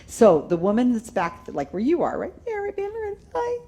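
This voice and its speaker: A woman giving a live talk to a seated audience, telling a story in an animated way, laughing and acting out quotes. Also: fairly high pitch, normal speed, husky. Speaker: conference speaker.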